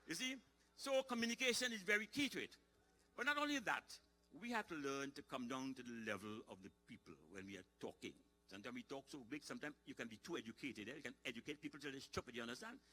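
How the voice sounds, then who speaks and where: A middle-aged man, telling folksy comic stories on stage at a ceremony. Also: mid-range voice. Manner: lively, folksy, quick to shift into voices. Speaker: storyteller and comedian. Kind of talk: live comic storytelling.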